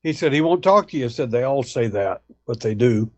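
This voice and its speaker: A man's voice: mid-range voice, lively intonation, a little fast, darkish tone, dull audio. A man telling a long story in a folksy way, acting out the people he quotes. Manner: folksy, acts out dialogue in retelling. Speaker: guest, alien abduction researcher. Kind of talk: storytelling anecdote.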